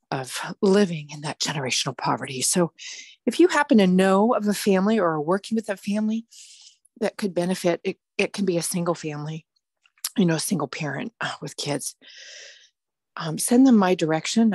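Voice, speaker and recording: A woman nonprofit outreach worker, out of breath, giving a friendly, brisk update in an online video meeting. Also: deep voice, husky, no echo. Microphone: video call.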